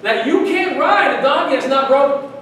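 High-voiced New pastor, echoey church. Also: male voice, moderate pace, recorded from a distance, slight background noise. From Brooklyn, New York. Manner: animated preaching with frequent restarts and repetitions. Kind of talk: sermon. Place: large church sanctuary.

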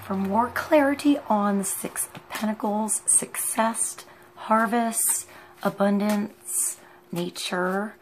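A woman giving an unscripted tarot reading, musing and halting as she thinks aloud with many pauses. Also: medium pitch, noisy background. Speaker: tarot reader.

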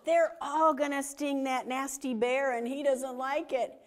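A woman reading a picture book aloud to children, animated and full of questions for them. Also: high-pitched, unhurried. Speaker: children's storytime reader.

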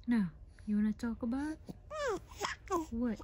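A woman's voice: fairly high pitch, lively intonation, drawn-out words, darkish tone. A mother cooing and baby-talking to her infant, playful and often whispering.

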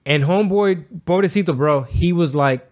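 This podcast co-host has a fairly high voice and speaks at a normal pace. His chat is slangy and loose, full of animated stories where he acts out quotes in put-on voices.

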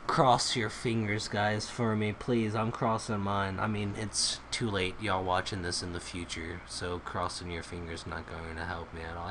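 A man recording himself at home while he plays a computer game, excitable, exclaiming often and swearing freely. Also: fairly low pitch, measured pace, noisy background. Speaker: gamer recording his play. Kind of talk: casual gameplay vlog.

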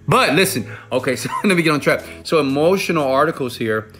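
A man giving an energetic sales-pitch monologue to viewers. He is pushy and emphatic, repeats punchy phrases, and keeps checking in with "okay?" and "right?". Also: fairly quick, soft background music. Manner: repetitive, punchy hype phrasing. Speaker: online money-making presenter.

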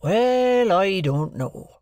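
Man doing a middle-aged village blacksmith, kindly, slow comfortable rustic speech, storybook voice, dry close sound. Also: high voice, animated, darkish tone, no echo, pitched above the performer's own voice, heavily acted.

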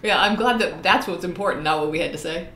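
A woman's voice: on the low side, fast talker, a bit bright, echoey room. A woman co-hosting a live drawing stream in casual chat, talkative and laughing often, with plenty of ums as she tells stories.

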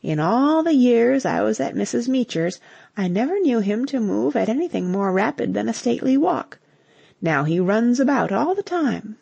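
An affectionate young wife who teases playfully, read by a woman. Her husky voice has a gravelly edge and bounces lively up and down. The sound is dry and close. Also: a little high, normal speed, dry recording, pitched above the performer's own voice, full character voice. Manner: playful, teasing.

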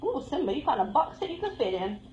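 A woman's voice: high voice, very animated, fast, darkish tone, dull audio, a little hiss or hum. A woman giving a live tour of a cat shelter, cooing and baby-talking to the cats as she goes. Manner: coos and baby-talks to cats.

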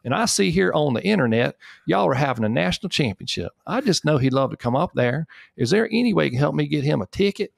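A man's voice: on the high side, very animated, fast talker, vocal fry, no echo, clean studio sound, pitched above the performer's own voice, heavily acted. A man voicing a chatty woman office assistant with a Southern US accent, folksy and pleading.

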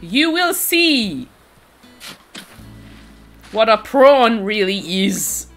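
Giggly, animated American woman streamer. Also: on the high side, very slow, soft background music. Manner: playful and teasing, laughs constantly. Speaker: game streamer. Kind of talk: casual live-stream chat.

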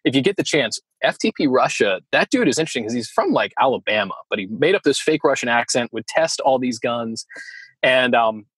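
Lively husky-voiced man on a podcast. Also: medium pitch, fairly quick, no echo, rough recording. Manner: animated, laughs often. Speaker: podcast co-host. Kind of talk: casual chat.

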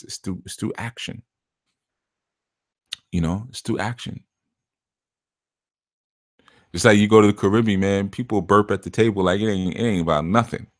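Male spiritual teacher, casual and chatty, low voice, dry close recording. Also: no room sound. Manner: conversational, laughs often, puts on voices for quotes. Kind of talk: casual talk to listeners.

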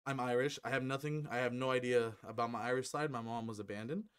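His medium-pitched voice is clear, resonant and a bit bright, with fairly even intonation, and he talks fast. The young gaming YouTuber is at home with his dog, rambling and joking to camera in a casual vlog, swearing freely and filling gaps with ums through a headset mic.

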